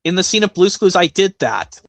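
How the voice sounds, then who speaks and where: A man hosting a casual impressions stream, rambling with restarts and quick bursts of talk. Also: high-pitched, big pitch swings, vocal fry, dry recording. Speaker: stream host doing voice impressions.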